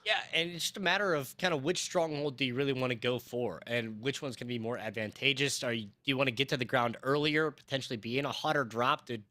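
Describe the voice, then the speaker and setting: A man casting a live esports match, talking fast and rambling, quick to laugh. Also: mid-range voice, sharp tone, dry recording. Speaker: esports caster.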